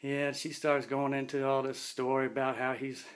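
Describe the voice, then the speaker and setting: A middle-aged man spinning a story in an easy, folksy way, full of slang. His voice sits at a middle pitch, and he often slips into talking about himself in the third person. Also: level tone, normal speed. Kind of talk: casual spoken storytelling.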